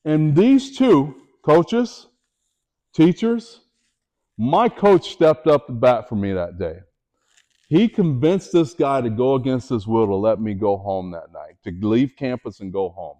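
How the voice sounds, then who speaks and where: A middle-aged man, a former athlete, giving a motivational talk to students in a school auditorium, telling a personal story with rising and falling intensity. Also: unhurried. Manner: storytelling, animated, raises voice for drama then drops low. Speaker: motivational speaker.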